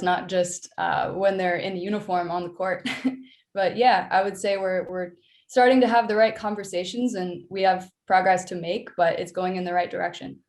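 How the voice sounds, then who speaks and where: A woman guest, a basketball coach, speaking earnestly in a casual interview, with light laughs and "um" pauses. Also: lowish voice. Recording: roomy echo.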